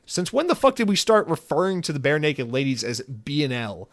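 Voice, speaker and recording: A man's voice: fairly high pitch, very animated, fairly quick, dry recording, clean studio sound. A man voicing an exasperated, sarcastic sitcom lead who swears.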